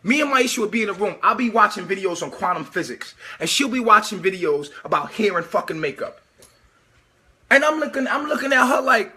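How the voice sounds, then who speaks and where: A male vlogger delivers a casual, preachy monologue, animated and swearing freely. His voice sits high with a bright, tense edge and a husky grain. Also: a little fast.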